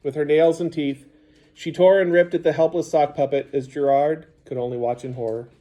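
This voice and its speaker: A man narrating a children's audiobook in a measured storytelling manner. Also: on the high side, steady tone, dark tone.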